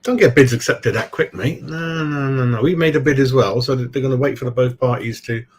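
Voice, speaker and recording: A man's voice: medium pitch, fairly quick, breathy edge. Chatty man who keeps saying "mate". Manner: rambling, replies to viewers mid-stream. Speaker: football fan channel host. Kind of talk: casual live-stream chat.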